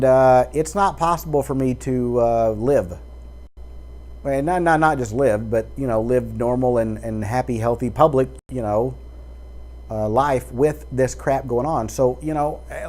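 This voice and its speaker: A man with a Texas drawl rambles straight into his webcam, a casual personal monologue full of fillers and restarts. His voice sits a little higher than most men's. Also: a little mellow.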